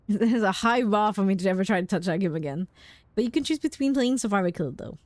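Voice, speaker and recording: A woman's voice: mid-range voice, animated, moderate pace, no room sound. A young woman streamer chatting casually and playfully, giggling often as she reacts to chat.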